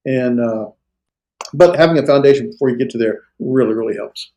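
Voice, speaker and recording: Relaxed man tutoring Greek. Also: mid-range voice, a little fast. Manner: relaxed, coaching, filler-heavy. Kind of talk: one-on-one tutoring.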